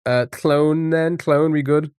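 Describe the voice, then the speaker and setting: A man's voice: fairly high pitch, steady tone, slow pace, darkish tone, clear, resonant tone, no room sound, clean studio sound. A man streaming live, chatting casually with viewers and thinking aloud while guessing words. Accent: non-American English.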